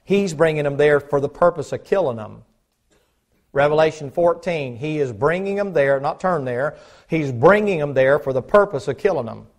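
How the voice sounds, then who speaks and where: A man preaching a fiery sermon as pastor. He swings from shouting to mocking mutters. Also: a little high, expressive, normal speed. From United States. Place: church sanctuary.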